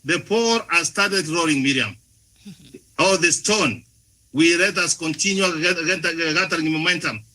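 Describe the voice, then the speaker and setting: A man's voice: fairly high pitch, measured pace, pushed and bright, rough recording. A man with an African English accent, a panelist giving an impassioned forum speech, emphatic and often stumbling over his words. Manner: emphatic, repeatedly addresses the moderator by name.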